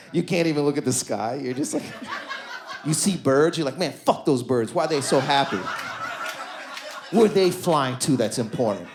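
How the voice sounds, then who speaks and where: Animated stand-up comic, loud bursts and mutters. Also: male voice, on the low side. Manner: storytelling with acted-out quotes and frequent "you know what I mean". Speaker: stand-up comedian. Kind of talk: stand-up comedy set. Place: comedy club stage with audience laughter.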